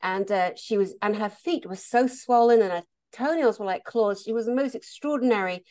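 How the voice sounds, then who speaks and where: A woman therapist telling stories in a casual conversation, animated and laughing often. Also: fairly high pitch, normal speed. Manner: animated, laughs often, acts out quoted voices. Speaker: therapist and meditation teacher.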